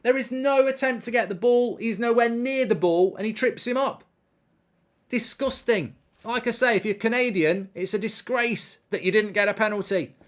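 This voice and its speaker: This watchalong host has an extremely high-pitched voice and talks at normal speed. Through the live football broadcast he reads viewers' comments aloud and rants indignantly, with animation, over refereeing calls.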